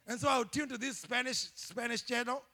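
High gravelly animated preacher man. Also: fairly quick, heavy background noise. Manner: animated, shouting, laughing preacher. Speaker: pastor. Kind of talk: sermon. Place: church.

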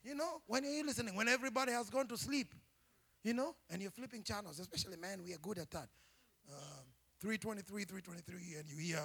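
A man preaching a sermon as pastor, animated and humorous, often shouting and laughing. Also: high-pitched, fast, gravelly. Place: church.

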